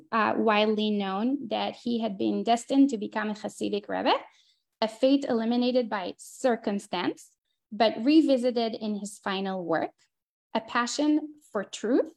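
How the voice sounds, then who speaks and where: A woman's voice: fairly high pitch, creaky, a little mellow. Woman host introducing an online class. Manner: reads the introduction with frequent fillers. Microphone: video call.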